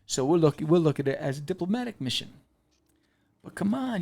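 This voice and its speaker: A man's voice: fairly high pitch, normal speed, vocal fry, pauses often. A man hosting a podcast, casually retelling and reviewing a comic with lots of fillers and acted-out lines. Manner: animated storyteller, acts out character lines, many fillers.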